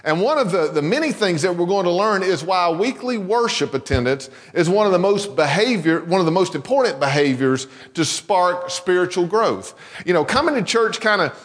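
A man with a high voice preaching a relaxed, folksy sermon, telling a story and circling back on his words as he goes. His voice rings with the long reverb of a church hall. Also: normal speed, hardly any pauses. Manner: conversational, folksy storytelling with many restarts. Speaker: pastor. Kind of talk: sermon with a told joke. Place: church sanctuary.

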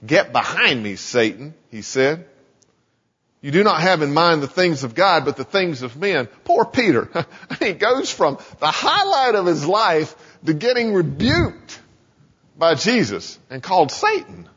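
A man preaching a sermon in a conversational, animated way, in a church sanctuary. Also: fairly high pitch, a little slow, breathy edge. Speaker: pastor. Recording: dull lo-fi sound in a reverberant hall.

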